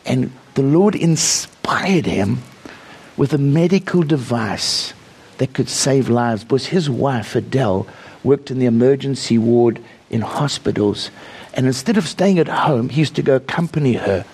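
Gravelly preacher. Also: male voice, mid-range voice, lively intonation, measured pace, a little mellow. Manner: storytelling, prays aloud with rising fervor. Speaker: visiting preacher. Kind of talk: sermon.

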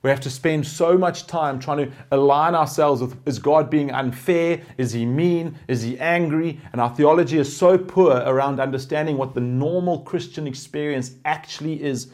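A man preaching a sermon as pastor, animated, swinging between loud emphatic lines and hushed pastoral ones. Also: on the high side, normal speed, hardly any pauses.

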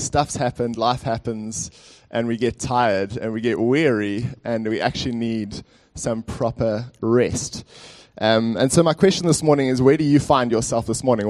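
A man's voice: mid-range voice, a little mellow. A man preaching a sermon as pastor in a church, conversational and speaking directly to the congregation with frequent fillers.

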